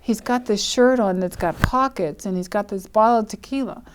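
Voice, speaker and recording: A woman's voice: mid-range voice, normal speed, noisy background. An older woman telling her own life story, acting out what people said and laughing often as she talks. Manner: lively storyteller who acts out quoted speech and laughs often.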